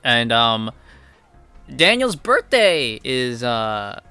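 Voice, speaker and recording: Bright, profane young man recapping a show. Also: medium pitch, sing-song, extremely slow, clean tone, dry recording, faint music behind. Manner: profane, blunt, rambling with fillers. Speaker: TV episode reviewer. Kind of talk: casual recap monologue.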